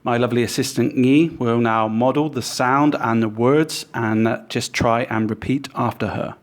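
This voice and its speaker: A man teaching a pronunciation lesson, explaining patiently and modelling sounds slowly. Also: mid-range voice, fairly even intonation. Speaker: language teacher.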